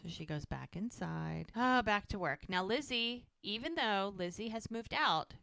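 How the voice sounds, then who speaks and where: A middle-aged woman chats casually on a podcast, walking through scenes and putting on quick voices for each character. Her voice is smooth and clear. It is recorded close and dry. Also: mid-range voice, lively intonation, bright, forceful tone, dry recording. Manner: retells scenes acting out characters' lines. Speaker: podcast co-host. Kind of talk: casual recap chat.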